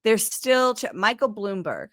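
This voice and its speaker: A woman's voice: medium pitch, big pitch swings, a little slow, fairly bright tone, dry recording, clean studio sound. A woman hosting a casual political chat show over a video call, talking emphatically and pushing back in debate. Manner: emphatic and argumentative. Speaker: show host.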